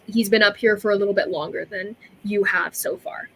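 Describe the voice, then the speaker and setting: A woman running a tabletop role-playing game, narrating scenes and asking players what they do. Her voice sits in a middle register, and she talks in a lively, chatty way, slipping into quick voiced asides. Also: mid-range voice, a little hiss or hum. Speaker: game master.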